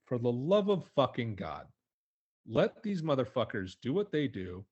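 Husky young male co-host, swings wide in pitch, sweary mocking rant. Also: very animated, measured pace, a little mellow, lo-fi sound. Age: young adult. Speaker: podcast co-host. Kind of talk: profane comedic rant.

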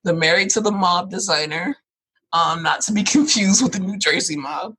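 Young woman co-host, very husky, chatty and laughing, casual podcast banter. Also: lowish voice, a bit bright, rough recording. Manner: chatty, laughs often, quick asides. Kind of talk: casual chat.

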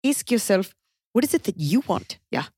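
A young woman co-hosting a podcast and giving casual, blunt advice, often swearing and stacking up quick questions. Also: medium pitch, very animated, mellow, breathy edge, no room sound, clean studio sound. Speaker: podcast co-host, comedian.

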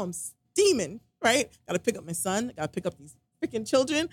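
A woman's voice: a little high, sing-song, fairly quick, few pauses, husky. A woman casually telling a personal story, rambling with lots of fillers and quoting what others said. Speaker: storyteller recounting a relationship. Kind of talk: casual conversation.

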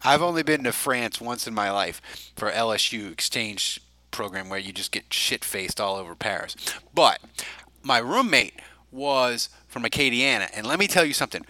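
Male podcast host, casual and rambling, very bright voice, animated pitch. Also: normal speed, no echo, rough recording. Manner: rambling, filler-heavy, restarts often. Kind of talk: casual chat.

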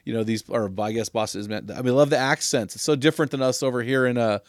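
A man's voice: mid-range voice, no room sound, clean studio sound. Upbeat, jokey male podcast host. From Oregon. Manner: upbeat, jokey, quick asides. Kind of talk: casual podcast chat.

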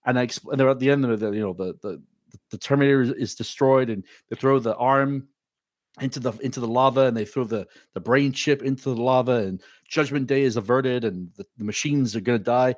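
A man hosting a relaxed movie podcast, joking around and rambling through his points with frequent restarts. His voice sits at an ordinary middle pitch. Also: fairly quick, dry recording. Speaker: podcast host. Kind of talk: casual movie chat.

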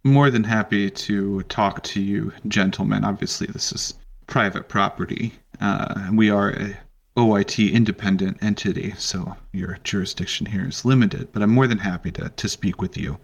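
A man voicing a calm, polite hobgoblin. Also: fairly low pitch, moderate pace, gravelly, husky. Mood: calmly dismissive. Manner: calm, polite, quietly dismissive. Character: calm, smooth-talking male hobgoblin official.

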